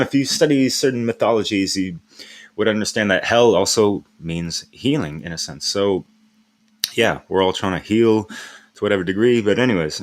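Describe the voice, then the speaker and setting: Laid-back, slangy man with a lowish voice. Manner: laid-back, rambling, slangy, laughs often. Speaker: live stream host. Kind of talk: casual live-stream chat.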